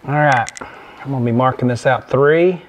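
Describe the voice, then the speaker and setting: Working on a car in his garage, this DIY car builder talks at a moderate pace in a medium-pitched voice, breathless and full of folksy jokes. The recording is muffled, with slight background noise, and it plays like a laid-back workshop tutorial.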